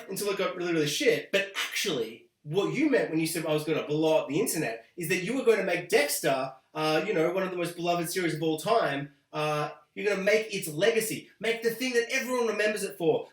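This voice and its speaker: Brief: young man, sarcastic rant host, high voice, echoey room. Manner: sarcastic, animated, mocking quoted voices. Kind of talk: ranting video review.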